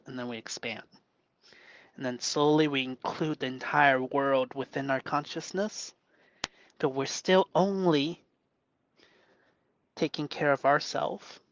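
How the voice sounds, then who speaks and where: Thinking out loud with pauses and false starts, this man delivers a reflective live monologue as a self-coaching vlogger. He keeps his voice purposely low, soft, and gentle. There's no echo, though the sound quality is poor.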